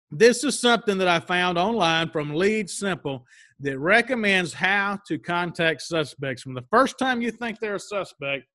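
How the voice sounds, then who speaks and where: Male instructor, high bright voice, dry close sound, plain-spoken and emphatic on each step. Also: no echo. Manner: plain-spoken, stresses key steps. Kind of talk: instructional talk.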